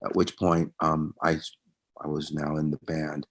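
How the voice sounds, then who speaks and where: A middle-aged man, a musician guest, telling stories from his career in a casual interview, lively in anecdotes and quieter when reflective. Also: extremely low pitch, unhurried. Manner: animated anecdotes, reenacting conversations; subdued, reflective when recalling loss.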